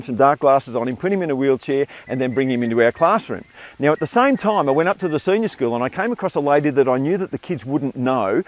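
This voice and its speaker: Older Australian man telling a lively story. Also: medium pitch. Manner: animated, acting out the voices of people in the story. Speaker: storyteller, former teacher. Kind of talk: live storytelling to an audience. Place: theatre stage.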